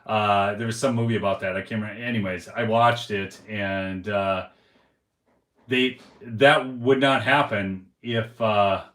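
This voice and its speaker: A man's voice: on the low side, fairly even intonation, measured pace, a bit bright. A man hosting a casual political commentary show, talking in a rambling, folksy way full of fillers and restarts. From United States. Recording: roomy echo.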